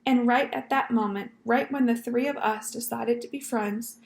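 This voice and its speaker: Gravelly woman reading a story aloud. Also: on the high side, fairly even intonation, moderate pace, reverberant, a little hiss or hum.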